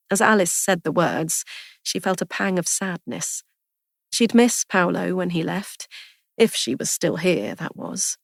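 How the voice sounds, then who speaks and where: A woman narrating a story aloud in an even, measured storytelling manner. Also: lowish voice, vocal fry, dry recording, clean studio sound. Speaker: audiobook narrator.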